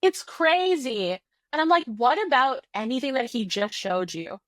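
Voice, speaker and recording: A woman co-hosting a casual podcast chat, talking in an animated, exasperated way and swearing often. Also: fairly high pitch, normal speed, dry recording. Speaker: podcast co-host.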